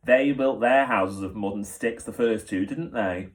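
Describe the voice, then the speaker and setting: A man's voice: on the low side, a little slow, lightly acted. A man reading aloud and voicing a clever young girl who speaks firmly and matter-of-factly in a storybook. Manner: firm, matter-of-fact.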